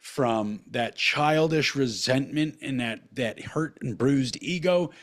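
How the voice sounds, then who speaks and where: A man in his thirties co-hosting a podcast, talking casually and swearing a lot as he tells rambling, animated stories. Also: medium pitch, slow pace. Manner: profane, rambling, animated storytelling. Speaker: podcast co-host. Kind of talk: casual chat.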